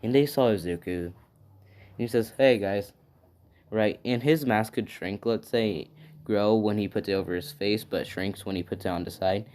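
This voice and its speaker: A man's voice: on the low side, moderate pace, a little mellow. A man at home casually retelling a fan story, rambling with fillers and asking "right?" along the way. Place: at home with his dog.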